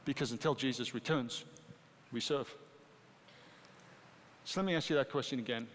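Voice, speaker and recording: A middle-aged British man preaching a sermon as pastor, animated and rising to emphatic peaks. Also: medium pitch, normal speed, a little hiss or hum. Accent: British English. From Britain. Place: church sanctuary. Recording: long hall reverb.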